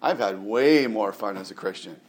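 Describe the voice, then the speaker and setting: A man's voice: lowish voice, moderate pace. A man in his forties preaching a sermon in a casual, conversational way, with frequent fillers and restarts and emphatic rises. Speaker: pastor.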